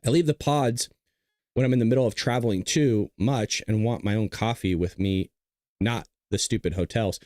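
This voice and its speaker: Guy hosting a live stream, blunt and casual, keeps clearing his throat, dry sound. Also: on the low side, moderate pace, darkish tone, no room sound. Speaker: show host. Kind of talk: livestream commentary to a chat.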